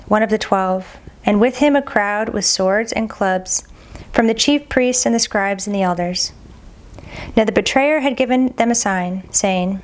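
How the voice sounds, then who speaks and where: A woman reading scripture aloud at a steady, measured pace, sometimes stumbling on a hard name and repeating it. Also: mid-range voice. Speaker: Bible reader.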